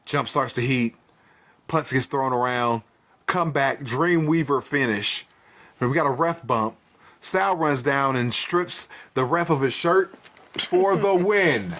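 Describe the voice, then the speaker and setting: A man's voice: mid-range voice, measured pace, bright, forceful tone. A man co-hosting a casual wrestling review podcast, swearing freely, laughing often and acting out wrestlers' lines. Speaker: podcast co-host.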